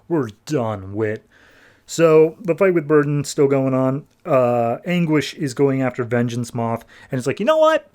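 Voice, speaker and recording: Young guy on a podcast running through a comic plot, mid-pitch voice, does little quick voices for the characters, loose and chatty. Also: darkish tone. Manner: summarizes plots with quick acted-out quotes of characters. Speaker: podcast co-host. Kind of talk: casual comic book recap.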